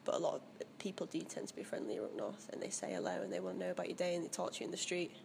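Young woman, gravelly voice, lively pitch, chatty and opinionated. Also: racing, noisy background. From Leeds area, Northern England. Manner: chatty and opinionated, with frequent laughs. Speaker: interviewee. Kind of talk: casual interview chat.

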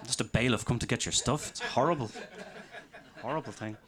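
A man performing a live stand-up set of deadpan one-liners in a comedy venue. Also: mid-range voice, fairly quick, a loud crowd.

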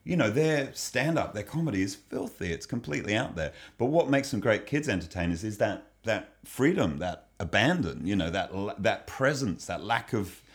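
Man, very low voice, children's entertainer, casual interview, thoughtful restarts. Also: normal speed, hardly any pauses. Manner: thoughtful, restarts often, animated bursts. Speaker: children's musician and comedian, guest.

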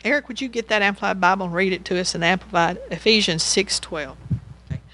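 A woman's voice: medium pitch, quick pace, a bit bright. A woman giving a casual Bible teaching, rambling and chatty, and she laughs as she tells stories.

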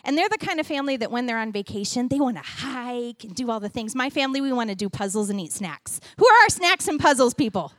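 Woman preaching a kids' lesson, high voice bouncing all over, dry close sound. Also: fast talker, hardly any pauses, dry recording. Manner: animated, playful, talks to kids and congregation. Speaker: church speaker giving a children's message. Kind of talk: sermon with a children's object lesson.

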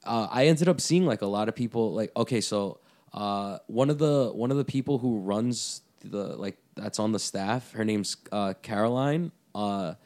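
A young man co-hosting a casual chat, telling lively stories, acting out what people said, and swearing freely. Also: fairly low pitch, normal speed, no echo. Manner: animated storyteller, acts out quotes, swears casually. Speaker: podcast co-host.

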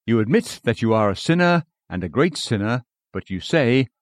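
A man reading a sermon aloud in measured, formal, old-fashioned preaching language. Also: medium pitch, very animated, dry recording. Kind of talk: read sermon.

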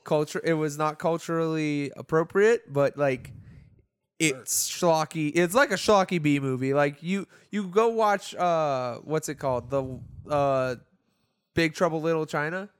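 A man's voice: a little high, unhurried, clean tone, dry recording, clean studio sound. A man co-hosting a casual chat, rambling with lots of fillers and laughing often. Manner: rambling, laughs often, puts on silly voices. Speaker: podcast co-host. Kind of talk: casual chat about anime.

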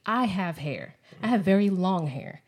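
A woman's voice: on the low side, expressive, a little slow, slightly rough. A young woman guest on a podcast, speaking emphatically and upbeat about her business. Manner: upbeat, emphatic self-promotion. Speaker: guest, music and hair brand owner. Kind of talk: casual interview chat.

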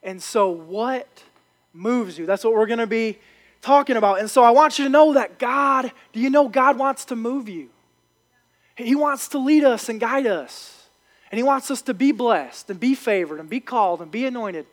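A male pastor delivers a Sunday sermon. His voice is very high-pitched, and he drives his points home through emphatic repetition. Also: normal speed.

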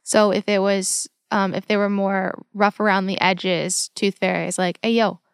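A woman's voice: mid-range voice, flat delivery, unhurried, smooth, dry recording, studio quality. A woman guest on a comedy panel, chatting in an upbeat, conversational way. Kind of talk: casual discussion.

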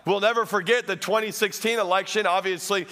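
A pastor delivers a lively sermon in a high, ringing voice. His tone is bright and forward, and he talks straight to the congregation. He keeps the energy up and bursts into loud, comic shouts. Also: fairly quick. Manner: addresses the congregation directly.

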